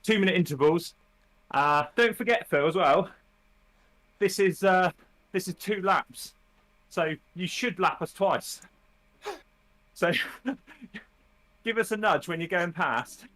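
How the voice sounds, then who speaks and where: A man's voice: sits high, slow, long pauses, a bit bright. A man hosting a live stream in casual chat, explaining plans and teasing his co-host in a wry way.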